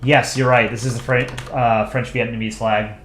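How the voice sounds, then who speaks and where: A man's voice: mid-range voice, normal speed, soft background music. A young man streaming live, casually chatting with his viewers and answering their messages while he draws. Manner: relaxed, chatty, answers chat while drawing. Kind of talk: casual livestream chat.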